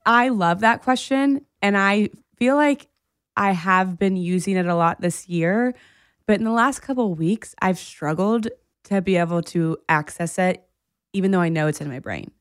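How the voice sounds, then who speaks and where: A woman co-hosting a podcast, telling a story in casual chat, animated and laughing often. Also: mid-range voice, normal speed, smooth, no room sound, studio quality. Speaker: podcast co-host.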